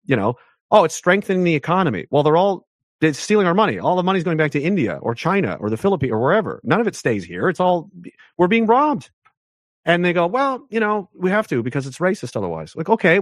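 A man from Canada talks at a rapid clip as an interview guest, hammering his points home in a heated rant. His voice leaps upward whenever he stresses something. The sound is dry and close, with no room around it. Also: dry recording. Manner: emphatic, ranting, pitch jumps up sharply for emphasis.

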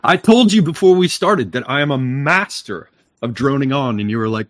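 A man's voice: medium pitch, animated, normal speed, no room sound, clean studio sound. A man talking at length as a podcast guest, rambling with lots of fillers and restarts and casual swearing. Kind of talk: long-winded conversational monologue.

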